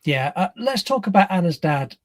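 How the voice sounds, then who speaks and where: Chatty British man, slightly higher voice. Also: big pitch swings, dry recording. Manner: storytelling, quick and chatty. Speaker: podcast co-host. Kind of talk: casual film chat.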